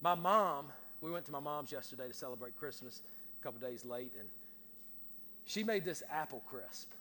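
A man's voice: mid-range voice, lively intonation, normal speed, sharp tone, a little hiss or hum. A man preaching a sermon, telling folksy family stories with jokes and often repeating his words as he builds his point. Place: church sanctuary. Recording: long reverb of a church hall.

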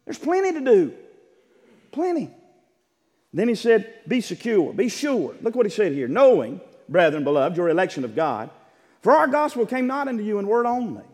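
A man preaching a sermon in an emphatic, repetitive style with bursts of shouting. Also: sits high, very animated, fairly quick. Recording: church sanctuary with long reverb.

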